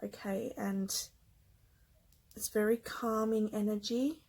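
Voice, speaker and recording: A woman giving a gentle, emotional spiritual card reading, with soft whispered asides. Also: medium pitch, steady tone, slow, low-quality recording. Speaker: tarot card reader.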